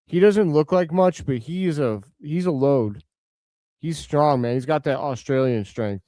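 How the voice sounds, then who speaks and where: Hosting a live watch-along stream, a man with a slightly high voice keeps a measured pace as he gives casual play-by-play and responds to viewers' comments. Big plays draw excitable outbursts from him, and there's no room sound.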